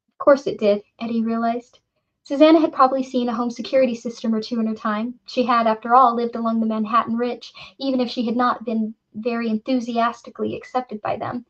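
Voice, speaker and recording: Brief: female audiobook narrator, fairly high voice, dull muffled recording. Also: flat delivery, fairly quick.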